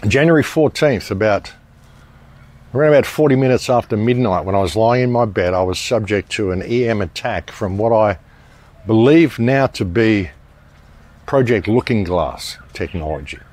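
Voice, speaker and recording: A man with a fairly low voice delivers a casual monologue to his viewers. He talks in an emphatic, rambling way, restarting sentences and circling back on his points. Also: normal speed, a little mellow. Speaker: online commentator.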